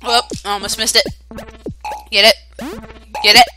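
A young woman hosting let's-play commentary, excitable and swearing at the game as she plays. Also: mid-range voice, measured pace, poor audio. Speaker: gaming channel host. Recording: game music loud behind. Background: game music.

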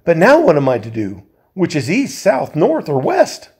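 A man voicing a timid little male hobbit burglar who squeaks thin, high cries when frightened. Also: huge pitch swings, normal speed, a little mellow, husky, heavily acted.

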